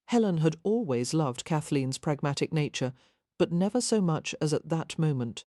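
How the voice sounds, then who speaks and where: Woman reading an audiobook, low mellow voice, measured, dry close mic. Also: lively intonation, no echo. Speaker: audiobook narrator. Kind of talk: scripted audiobook narration.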